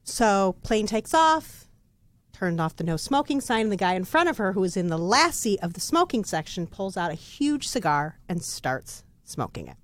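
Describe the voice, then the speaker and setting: A woman's voice: medium pitch, moderate pace, dry recording. A woman co-hosting a podcast, telling a long joke casually and with animation. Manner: animated storyteller. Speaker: podcast co-host.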